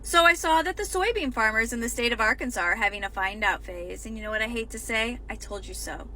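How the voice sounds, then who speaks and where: A woman's voice: a little high, fast talker, noisy background. A woman giving exasperated political commentary, lecturing with rhetorical questions. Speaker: online commentator.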